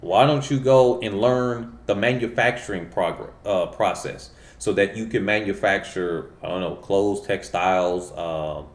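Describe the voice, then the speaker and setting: A man's voice: lowish voice, unhurried, hardly any pauses. A man hosting his own channel, talking in a casual, rambling monologue full of fillers and self-corrections. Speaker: channel host. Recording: roomy echo.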